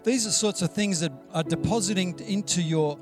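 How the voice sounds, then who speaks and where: A pastor whose voice sits a little high for a man preaches a sermon at a moderate pace in a relaxed, conversational storytelling style. He acts out the dialogue of people in his anecdotes while music plays clearly behind him.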